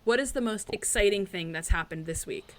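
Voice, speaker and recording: Woman co-host, casual chatty podcast talk, mid-pitched, rambling delivery. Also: fairly quick, slight background noise. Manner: chatty, rambling with many fillers. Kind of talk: casual chat.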